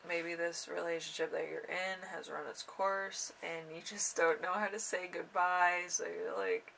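A young woman giving a casual tarot reading in an unhurried, rambling way with drawn-out fillers. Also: fairly low pitch, steady tone, vocal fry, a bit bright, recorded from a distance, slight background noise, rough recording. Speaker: tarot reader.

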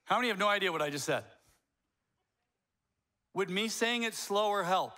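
A man preaching a sermon as pastor in a casual, conversational way, acting out examples and swinging from quiet asides to loud outbursts. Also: high voice, lively intonation, normal speed.

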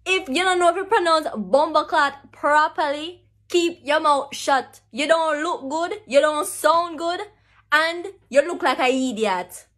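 A woman's voice: high voice, unhurried, a bit bright. A woman with a Jamaican accent giving an exasperated, sassy comic rant.

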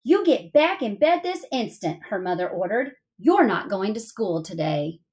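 A worried, bossy mother from a picture book, as a woman reads her aloud. She exclaims and gives firm orders, and her pitch moves a lot. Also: sing-song, normal speed, a little mellow, lightly acted. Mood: commanding. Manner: exclaiming, commanding.

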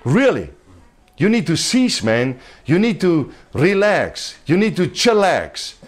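A man with a notably high-pitched voice delivers a sermon to a small group gathered in a home. He preaches emphatically but conversationally, breaking into light laughter as he talks. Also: very animated, takes it slowly.

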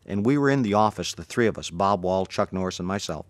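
A man, a martial arts instructor, telling an anecdote in an animated way and acting out the voices. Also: low-pitched, fast talker, no room sound. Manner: animated, acts out the voices in his story. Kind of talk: anecdotal storytelling.

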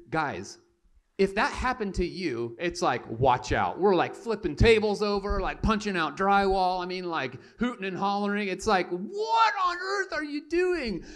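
A young male pastor tells a comic story from the pulpit, mugging through the voices of his characters. His pitch jumps high and shouts on the big moments, then drops back to a relaxed conversational tone. He talks into a stage mic in a church sanctuary. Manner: animated and self-mocking, acting out voices for laughs. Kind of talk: storytelling sermon.

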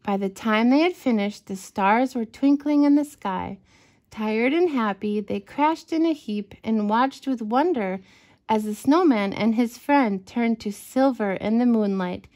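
A woman reading a bedtime story aloud to children, gentle and expressive. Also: medium pitch, unhurried.

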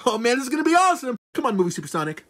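A man's voice: extremely high pitch, sing-song, rapid-fire, a bit bright, roomy sound, exaggerated voice. A man voicing a scheming, cocky male hedgehog in a puppet comedy sketch, sneaky and rambling. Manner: sneaky, rambling, fumbling when caught.

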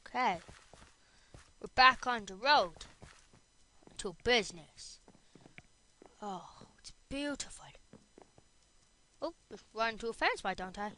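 Playful, bright-voiced woman gaming host. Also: a little high, expressive, slow, long pauses, low-quality recording. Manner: playful, silly, chatty to viewers. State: tired. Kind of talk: casual gaming commentary.

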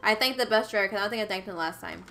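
A woman's voice: medium pitch, racing, bright, forceful tone, a little hiss or hum. A woman hosting a casual gaming livestream, chatty and upbeat, greeting viewers by name. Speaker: livestream host. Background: game music.

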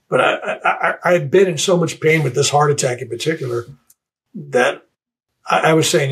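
An older man telling the personal story of his out-of-body experience, halting and repeating words as he searches for them. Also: fairly high pitch, fairly bright tone, low-quality recording. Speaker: interviewee.

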